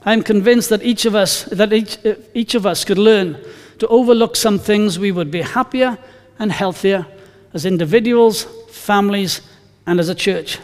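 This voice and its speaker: A man's voice: sits high, moderate pace, in a large hall. A male pastor preaching a conversational sermon, telling stories and reading scripture with emphasis.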